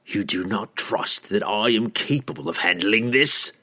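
A man reading an audiobook, voicing a grim male assassin with a slow, low growl. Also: animated, fairly bright tone, slightly rough, exaggerated voice.

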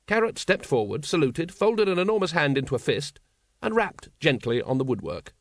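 A man reading a story aloud as an audiobook narrator, in a steady storytelling manner. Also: a little high, moderate pace, no room sound, studio quality. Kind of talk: scripted narration.

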